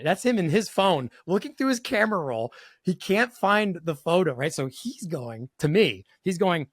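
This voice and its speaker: Animated, dry-sounding male storyteller. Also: on the high side, moderate pace, no echo. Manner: animated, laughing, full of "like" fillers. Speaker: car builder guest. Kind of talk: casual storytelling.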